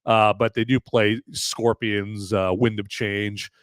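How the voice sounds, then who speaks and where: A man's voice: on the low side, slow, no echo, studio quality. A man hosting a live podcast, bantering casually with his chat and swearing freely. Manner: animated and profane, bantering with chat. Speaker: podcast host.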